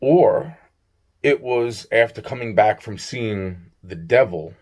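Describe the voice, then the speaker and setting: A man's voice: on the low side, animated, slow, a little mellow. Man vlogging, rambling storytime, swears a lot, repeats words, acts out quotes. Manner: profane, rambling, repeats himself, acts out dialogue.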